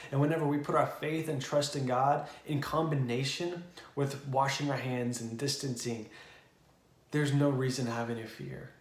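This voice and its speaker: A young male youth pastor talks through a Bible story in a relaxed, conversational way, with plenty of easy fillers. His voice sits in a middle pitch and carries a noticeable room echo. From Oklahoma. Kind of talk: casual Bible devotional.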